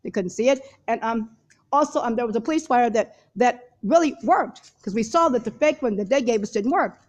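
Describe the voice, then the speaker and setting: A woman with a fairly high voice rushes through a rambling monologue to her viewers. She keeps stalling on repeated fillers and restarting her sentences. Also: expressive, a little mellow. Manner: hurried, halting, many repeated fillers and restarts. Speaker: video blogger.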